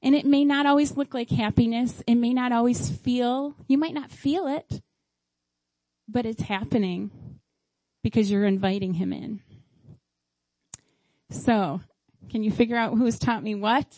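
Woman preaching a heartfelt sermon, kinda high voice, slow and tender. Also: a little mellow, no echo, low-quality recording. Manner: heartfelt, tearful at times. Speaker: speaker at a church service.

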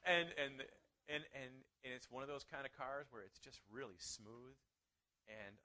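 A man preaching a sermon, sniffly, telling stories with lively acted-out quotes. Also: medium pitch, moderate pace, poor audio. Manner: animated storytelling with acted-out quotes.

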